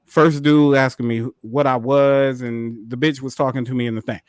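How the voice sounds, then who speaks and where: A man co-hosting a podcast, telling a story in a casual, animated way, full of profanity and quick laughs. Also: mid-range voice, no room sound, studio quality. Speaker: podcast co-host.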